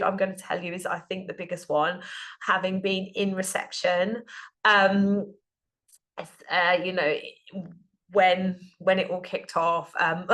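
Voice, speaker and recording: A business coach hosts her own podcast alone, her medium-pitched voice fairly bright. She talks in a heartfelt, rambling way, with lots of fillers and restarts.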